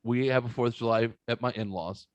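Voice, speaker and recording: A middle-aged man tells rowdy stories on a podcast, cursing freely and calling everyone dude. His voice sits at an ordinary pitch, recorded close and dry with no room sound. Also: brisk, clear, resonant tone, dry recording, lo-fi sound. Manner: profane, animated storyteller saying dude a lot. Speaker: podcast host. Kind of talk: casual storytelling chat.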